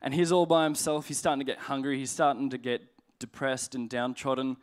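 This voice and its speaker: A man preaching a sermon in a conversational, humorous way, slowing down to read scripture aloud. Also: mid-range voice, flat delivery. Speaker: pastor.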